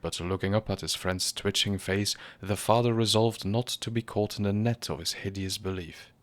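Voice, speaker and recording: Low-voiced man narrating a grave story. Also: steady tone, moderate pace. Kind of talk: storybook reading.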